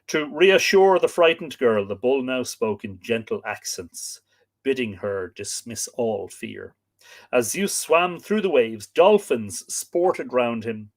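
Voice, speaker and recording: A man's voice: medium pitch, lively intonation, slow pace. A man hosting a live stream, reading old myths aloud, chatting with viewers and stopping to work out pronunciations.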